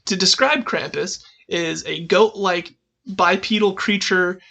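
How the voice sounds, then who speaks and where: A man's voice: sits high, unhurried, creaky, pushed and bright. A young man co-hosting a podcast, chatting casually, often laughing and slipping into short goofy voices. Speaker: podcast co-host. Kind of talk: casual chat.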